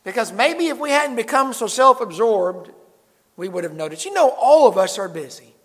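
A man preaching a sermon to his congregation, swinging between loud emphatic lines and quiet low asides. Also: expressive, moderate pace, big-room sound. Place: church sanctuary.

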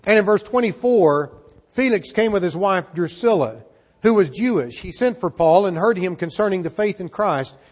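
Guy preaching a sermon, pretty high voice, keeps restarting words, echoey big hall. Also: animated, normal speed, slightly rough. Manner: earnest, frequent word repeats and restarts. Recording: long reverb of a large hall.

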